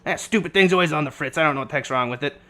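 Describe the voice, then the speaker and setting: A man's voice: fairly high pitch, rapid-fire, a bit bright, close to an everyday voice. A man doing a rambling, grumbling eccentric doctor. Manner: rambling, distracted, folksy grumbling.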